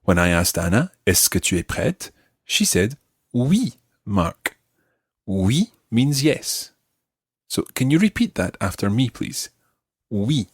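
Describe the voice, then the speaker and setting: A man hosting an audio language lesson, explaining patiently and modeling words slowly for listeners to repeat. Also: lowish voice, sing-song, breathy edge, no room sound. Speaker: language teacher and host.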